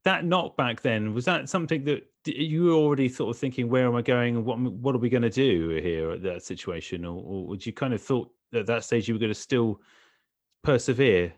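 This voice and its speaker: A man's voice: mid-range voice, brisk. A man interviewing a guest, asking conversational, probing follow-up questions. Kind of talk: casual interview.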